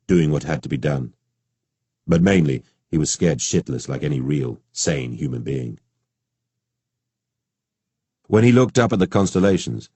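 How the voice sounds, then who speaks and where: A man narrating an audiobook at a measured, even pace. His voice is very deep with a husky grain. The recording is close and dry. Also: no room sound. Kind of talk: scripted narration.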